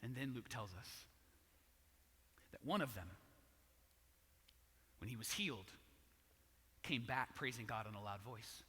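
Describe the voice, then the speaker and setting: A man's voice: mid-range voice, lively intonation, measured pace, pauses often, bright, forceful tone, husky, long reverb tail. A man preaching a sermon as pastor, telling a story and acting out its voices.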